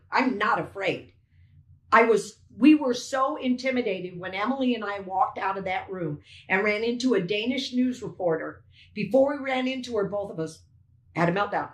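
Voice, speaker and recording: A woman's voice: medium pitch, moderate pace, reverberant. An older woman giving emotional testimony as a poll challenger, telling her story with animation and acting out exchanges.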